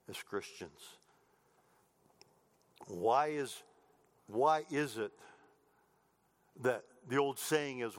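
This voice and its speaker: A middle-aged male pastor preaching a sermon earnestly, repeating phrases and restarting as he goes. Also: mid-range voice. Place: church sanctuary. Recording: long hall reverb.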